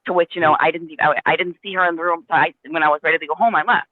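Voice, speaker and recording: A man's voice: fairly high pitch, steady tone, rapid-fire, dry recording. A man earnestly telling a personal story in a casual spiritual discussion, with many restarts. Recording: dry, tinny phone line.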